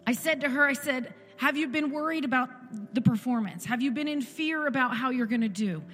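A woman's voice: high voice, a little fast, a bit bright, big-room sound, soft background music. A woman in her forties giving an impassioned church testimony, firing off repeated rhetorical questions. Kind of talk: sermon testimony.

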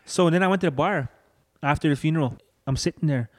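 A man's voice: fairly high pitch, fast talker. A young man telling his personal story of loss in an earnest, emotional way, acting out what people said to him. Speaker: guest. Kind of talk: personal testimony in conversation.

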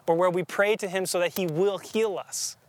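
A man preaching a sermon as a pastor, earnest and emphatic, slowing down to stress key phrases. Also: sits high, fairly even intonation.

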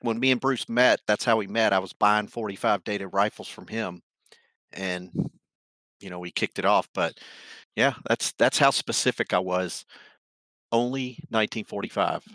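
A man speaking as a guest author in a casual interview, telling stories in a relaxed, good-humored way. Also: fairly low pitch, dry recording.

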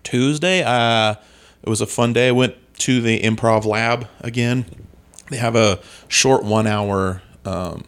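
A man's voice: medium pitch, a little slow. A man, a comedian, chatting casually on a podcast in a rambling, self-correcting way.

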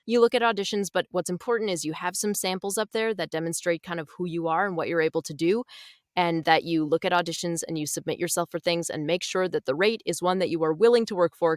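Woman audiobook narrator, low voice, blunt and emphatic, dry close sound. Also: dry recording. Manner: brisk, frank and emphatic with mild swearing. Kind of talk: casual interview advice.

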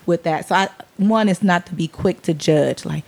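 A woman in her forties, a parent, chatting openly about raising her kids and slipping into quick voices of the people she quotes. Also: lowish voice, creaky, darkish tone. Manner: open, conversational, acts out quoted voices. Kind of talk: casual panel chat.

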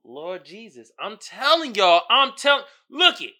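A man hosting a podcast in casual solo commentary, animated and joking, laughing often, with slangy street talk. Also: high-pitched, measured pace. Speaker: podcast host.

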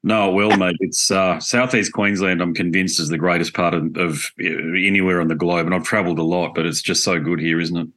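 A man's voice: low voice, fairly even intonation, brisk, hardly any pauses, a bit bright. A man with an Australian accent hosting a podcast, chatting casually and calling his guest "mate". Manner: chatty, matey, says "mate" often. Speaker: podcast host. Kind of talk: casual interview chat.

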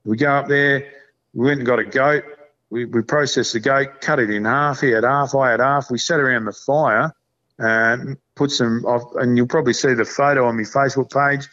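A podcast guest from Australia chats casually in a relaxed, rambling way, sprinkling his stories with blokey slang. His voice is mid-range for a man and moves at a moderate pace, though the recording sounds dull and lo-fi.

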